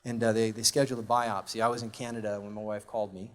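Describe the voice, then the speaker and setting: A man's voice: lowish voice, flat delivery, fast talker. A man speaking at a conference, telling a personal testimony in a conversational, emotional way with many fillers, into a stage microphone. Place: large live conference venue. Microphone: handheld or stage microphone.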